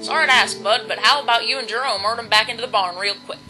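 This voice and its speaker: A woman's voice: a little high, fast talker, over music, lightly acted, low-quality recording. A woman voicing an easygoing young male farmer in a game, putting on a folksy American Southern drawl. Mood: folksy friendly. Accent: put-on American Southern. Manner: folksy, calls everyone bud.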